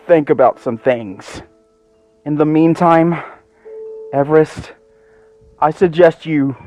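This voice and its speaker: A defeated young male Labrador pup, voiced by a man in a somewhat higher register. His voice is drained of hope, with an icy, vengeful edge. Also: mellow, no echo.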